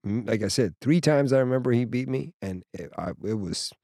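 Animated male podcast host, dry close sound. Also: medium pitch, fairly quick, gravelly, dry recording. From Persian background. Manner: animated storyteller, acts out voices with laughter. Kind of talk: casual interview chat.

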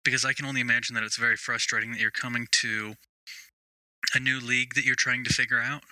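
A man's voice: medium pitch, flat delivery, fast, bright, forceful tone, smooth, no room sound, low-quality recording. A man co-hosting a soccer podcast, explaining his views thoughtfully and at length in casual chat. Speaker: podcast co-host.

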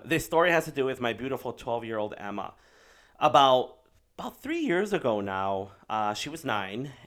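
A man's voice: medium pitch, fairly bright tone. A middle-aged man giving a motivational talk, telling a personal story in an earnest way with hesitant fillers. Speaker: motivational speaker.

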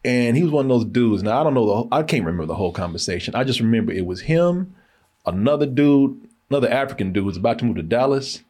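A man's voice: medium pitch, expressive, quick pace, darkish tone. A man co-hosting a casual chat, telling a long story with profanity, laughter and acted-out quotes. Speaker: podcast co-host.

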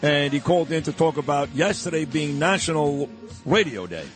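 A man's voice: fairly high pitch, animated, normal speed, faint music behind. A man hosting a morning talk radio show, ranting in a fired-up, opinionated way. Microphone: studio microphone.

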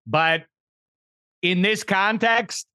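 A man co-hosting a casual sports talk show, lively and full of questions. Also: sits high, very slow, smooth, no echo, studio quality.

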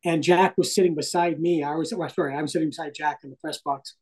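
A middle-aged man, a hockey broadcaster and interview guest, telling stories in a casual, animated way and swearing freely. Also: a little high, quick pace, slightly rough, low-quality recording.

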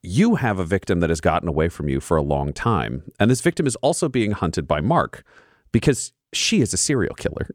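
A man's voice: sits low, very animated, a little fast, no echo, studio quality. A man running an improvised tabletop game as game master, with theatrical, playful storytelling. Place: studio.

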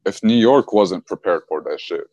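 Deep-voiced laid-back young man. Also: normal speed, no room sound, highs cut off. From Egypt. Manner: relaxed, laughs often, slangy. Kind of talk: casual chat.

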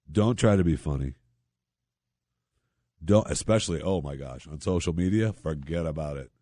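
A man's voice: very deep voice, moderate pace, pauses often, warm tone, dry recording, studio quality. A man hosting a talk radio show, reading news stories and mocking them with sarcastic asides. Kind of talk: opinion talk radio monologue.

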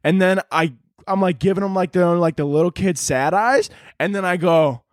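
A man's voice: high voice, normal speed, no room sound, clean studio sound. A young man hosting a solo podcast, telling stories in a crude, profane, joking way that rambles along. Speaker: podcast host. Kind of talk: casual solo podcast storytelling.

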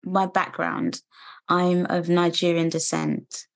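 A British woman in her thirties, a guest speaking earnestly and reflectively in an interview, pausing and restarting as she thinks. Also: on the low side, little pitch movement, gravelly. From United Kingdom. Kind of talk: candid interview conversation.

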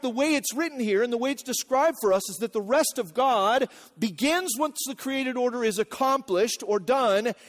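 Preaching a sermon in an earnest, teaching style, a male pastor with a very high-pitched voice repeats key phrases and checks that the congregation is following along.

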